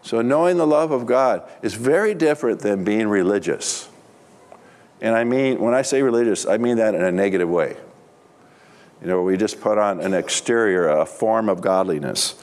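A man's voice: mid-range voice, expressive, moderate pace, darkish tone. A middle-aged man, a pastor, preaching a sermon with humorous personal stories in a chatty, conversational way.

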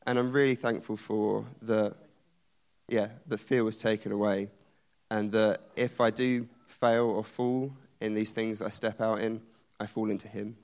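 A man shares a quiet church testimony of gratitude. His voice is low and flat, and he keeps a steady, even delivery. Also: measured pace. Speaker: church member giving testimony.

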